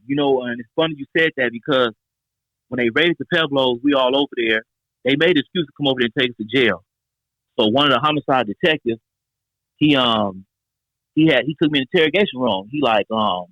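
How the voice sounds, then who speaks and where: This guest, a man in his forties from Los Angeles, spins animated street tales in a relaxed interview and performs the quoted lines. He speaks quickly in a mid-range voice, captured in a low-quality recording with no room sound.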